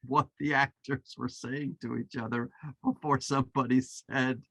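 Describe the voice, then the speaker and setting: A man's voice: medium pitch, fairly even intonation, normal speed, a bit bright, no room sound. A man co-hosting a podcast, chatting casually during a movie watch-along, joking and playing with words. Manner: jokey, playful wordplay, laughs often. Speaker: podcast co-host.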